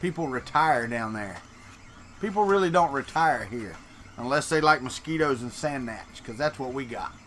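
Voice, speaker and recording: An animated man from Florida, speaking at normal speed in a mid-range, slightly bright voice, hosts a relaxed live stream over a little hiss or hum. His Southern Deep South accent comes through as he jokes with viewers and handles their chat messages.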